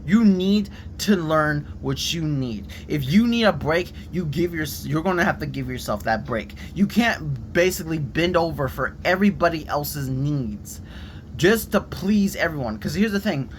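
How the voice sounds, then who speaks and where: A young man telling a story to his viewers in a casual, expressive rant. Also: fairly high pitch, moderate pace, slight background noise. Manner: animated and expressive, drops to a quiet shaky voice when reenacting himself. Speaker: vlogger.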